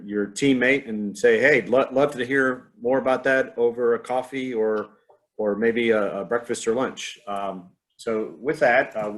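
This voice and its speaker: A man presenting on leadership at an online meeting, voice of middling pitch. He talks in a hesitant, halting way, with frequent fillers and restarts as he tells a story.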